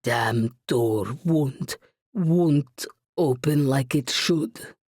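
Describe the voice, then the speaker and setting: A woman's voice: extremely low pitch, extremely slow, a little mellow, husky, dry recording, studio quality, full character voice. A woman voicing a drunk man who slurs and grumbles curses at a door that won't open. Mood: drunk grumbling. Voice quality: slurred, grumbling.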